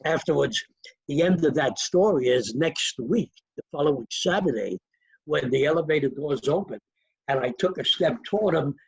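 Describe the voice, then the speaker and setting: An older man with a fairly high, gravelly voice tells stories about his past. He brings them to life by acting out the people in them. The recording is dry and dull. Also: moderate pace, no echo. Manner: animated, acts out quoted voices. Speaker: interview guest, magician. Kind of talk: anecdotal storytelling.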